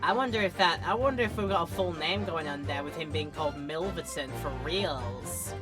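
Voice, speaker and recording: A woman's voice: sits low, moderate pace. A young woman streaming a game, chatting casually and voicing the characters as she reads. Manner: chatty, voices characters while reading. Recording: music playing behind.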